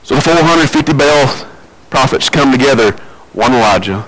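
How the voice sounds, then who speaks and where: Animated storytelling man preaching. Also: normal speed, poor audio. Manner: animated storytelling, big swings between loud and low; repeats phrases for emphasis. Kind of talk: sermon.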